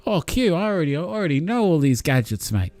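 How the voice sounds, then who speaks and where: A man's voice: fairly high pitch, sing-song, fast, noisy background, voice pushed up. A man doing a smug, geeky spy. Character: geeky young male spy, smug about gadgets.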